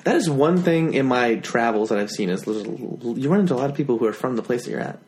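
A man's voice: mid-range voice, lively intonation, a little mellow, a little hiss or hum. A young man from Florida with a slight New Jersey tinge, chatting casually and jokingly as a podcast host. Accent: slight New Jersey/New York tinge. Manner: joking, rambling, quick self-corrections. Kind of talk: casual chat.

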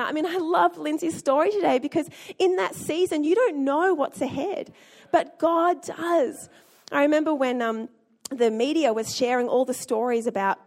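A woman, preaching a sermon as a pastor in an earnest, storytelling way. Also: high-pitched.

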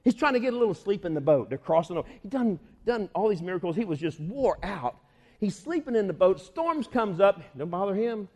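A male preacher with a very high voice, animated, laughing often as he talks. His pitch swings widely, and a long reverb hangs on every phrase. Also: fairly quick. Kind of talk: lively sermon.

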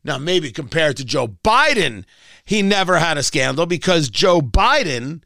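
A man's voice: a little high, very animated, measured pace, vocal fry, pushed and bright, no room sound, studio quality. A male talk radio host delivering a combative, sarcastic political rant.

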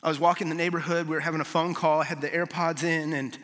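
Guy pastor preaching, high bright voice, big hall reverb, animated then drops soft and low. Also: fast talker. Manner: animated storytelling, dropping low and soft for emphasis. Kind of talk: sermon. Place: large hall with audience. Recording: long reverb of a large hall.

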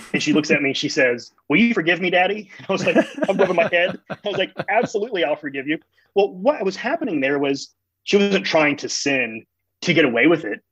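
A man's voice: mid-range voice, a bit bright, slightly rough, dry recording. A man as an interview guest, earnestly explaining faith through family stories. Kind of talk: conversational theological explanation. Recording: dull, dry recording.

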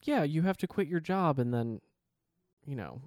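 A man's voice: on the high side, expressive, moderate pace, a little mellow, no room sound. A man co-hosting a podcast, talking in a dry, teasing way. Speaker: podcast co-host. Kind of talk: casual chat.

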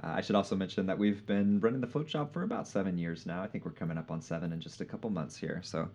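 Low-voiced laid-back male podcast host. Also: fast, a little mellow, lo-fi sound. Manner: easygoing, laughs often, many "uh" fillers. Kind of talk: casual live podcast chat.

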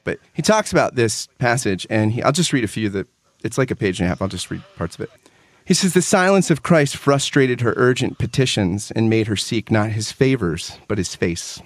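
A man in casual theological discussion who reads a passage aloud in an animated, heartfelt way. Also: lowish voice, fairly quick, dry recording.

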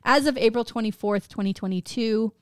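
A woman's voice: on the high side, brisk, clear, resonant tone, no echo, clean studio sound. A woman co-hosting a podcast, chatting casually in a blunt, joking way and swearing freely. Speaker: podcast co-host. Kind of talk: casual chat.

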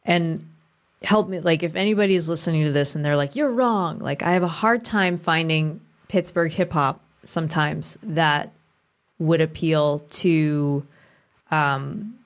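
Young woman radio dj, low voice, chatty with lots of likes and ums. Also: measured pace. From Boston area. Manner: chatty, many fillers, projects her voice. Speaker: radio DJ guest. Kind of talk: casual conversation.

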